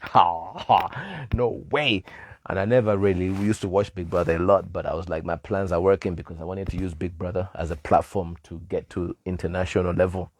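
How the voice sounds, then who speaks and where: A man DJ from Malawi telling a personal story in casual chat, animated, laughing often and acting out the people he quotes. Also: deep voice, fast talker, hardly any pauses, no echo. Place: live stream.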